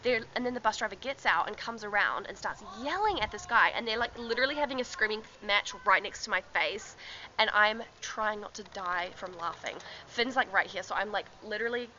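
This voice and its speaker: A woman's voice: medium pitch, brisk, bright, forceful tone, dull audio, a little hiss or hum. A young woman telling a travel story to her camera in a chatty vlog, laughing often and filling with ums and likes. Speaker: travel vlogger. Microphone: handheld camera.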